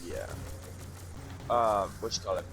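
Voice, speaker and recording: A man's voice: on the low side, takes it slowly, vocal fry, a bit bright, slight background noise, rough recording. A man chatting casually as a guest on a stream, talking hesitantly and trailing off. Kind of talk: casual chat.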